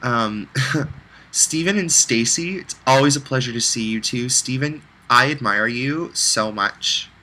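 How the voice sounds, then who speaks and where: A man's voice: medium pitch, a little slow, sharp tone, low-quality recording. A man recording a heartfelt, rambling personal video message, close to tears at times.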